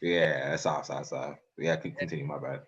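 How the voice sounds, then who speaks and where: A man interviewing a guest in casual chat, cutting in with quick jokes. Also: extremely low pitch, fairly even intonation, a bit bright, husky. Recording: dull, distant off-mic voice.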